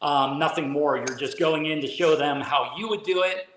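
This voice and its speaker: A man's voice: fairly high pitch, normal speed, a bit bright, a little hiss or hum. Easygoing man telling stories in a roomy space. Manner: easygoing storyteller, frequent "you know" fillers. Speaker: guest actor and drummer. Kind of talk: casual interview chat. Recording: roomy echo.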